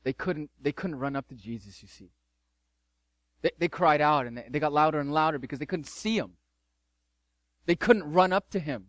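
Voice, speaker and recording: A man's voice: a little high, moderate pace, long pauses, fairly bright tone, dry recording. A middle-aged man preaching a sermon as pastor, fervent and emphatic, repeating key phrases.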